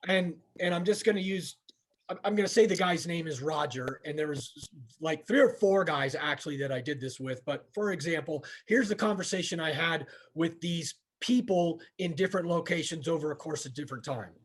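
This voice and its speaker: A man's voice: on the high side, fairly quick. Earnest plainspoken middle-aged man. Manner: earnest, plainspoken, restarts often. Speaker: instructor. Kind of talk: candid training talk with retold dialogue. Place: training session room.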